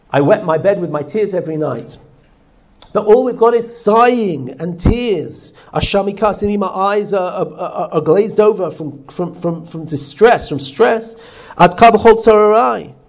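Male teacher leading a text study class, lively and questioning, slightly high pitch, muffled lo-fi recording. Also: a little slow. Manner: animated, often asks the class questions. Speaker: Torah teacher.

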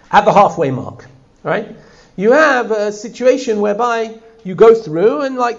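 A man teaching a text study class, animated and often putting questions to his listeners. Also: high voice, creaky, dull audio. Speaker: Torah teacher.

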